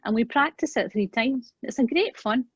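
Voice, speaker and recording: A woman guest in an interview, earnestly telling a personal parenting story and acting out the quoted lines, often trailing off softly. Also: fairly high pitch, expressive, moderate pace, slightly rough, no room sound. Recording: dull, dry, lo-fi sound.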